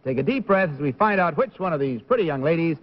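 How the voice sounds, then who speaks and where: Jovial, high-voiced 1950s game show host. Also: male voice, expressive, crowd noise. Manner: jovial, quick and chuckling. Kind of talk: live TV game show hosting. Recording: 1950s TV broadcast, dull sound, loud studio audience.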